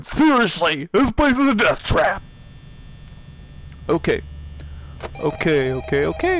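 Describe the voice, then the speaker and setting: A young man giving let's play commentary on a horror game, panicky and swearing, yelling at the characters on screen. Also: fairly high pitch, big pitch swings, slow pace, pauses often, faint music behind, low-quality recording. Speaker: gaming video creator.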